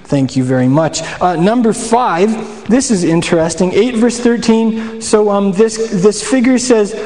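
Chatty pastor in an echoey hall. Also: male voice, high voice, a little slow, darkish tone. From Saskatchewan, Canada. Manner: conversational, asks questions and answers them, frequent restarts. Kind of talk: sermon.

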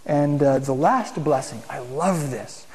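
A man's voice: medium pitch, unhurried, darkish tone. A man teaching a congregation in a conversational sermon style, often putting questions to the room. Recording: long hall reverb.

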